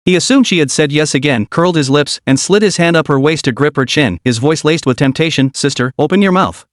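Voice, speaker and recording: A man narrates a comic story recap in an even, steady reading. His voice sits a little high and the recording is dry and close. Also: fairly quick, no room sound.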